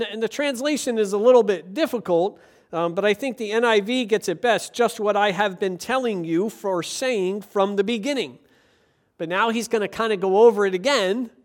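A pastor delivers a sermon, mixing scripture reading with playful stories. His voice sits high for a man, and he moves from hushed asides to loud, punchy lines. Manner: animated, jokey storytelling, swings from quiet to loud. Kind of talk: sermon with Bible reading and jokes.

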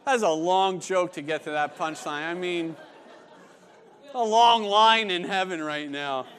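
High-voiced, joking male preacher. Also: measured pace, a bit bright, some chatter behind. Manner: conversational and joking. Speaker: pastor. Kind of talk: sermon.

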